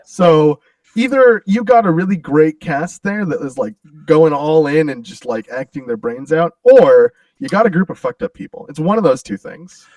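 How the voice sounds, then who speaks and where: A young man chatting before a tabletop game, joking and swearing in an animated way. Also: fairly high pitch, moderate pace, no echo, lo-fi sound. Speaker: player. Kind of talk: casual pre-show chat.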